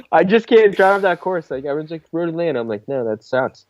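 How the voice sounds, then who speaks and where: A man's voice: a little high, very animated, a little fast. A man from Philadelphia, a podcast guest, talking in a laid-back, slangy way, full of "yo" and "dude". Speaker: guest, former drift driver. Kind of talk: casual chat.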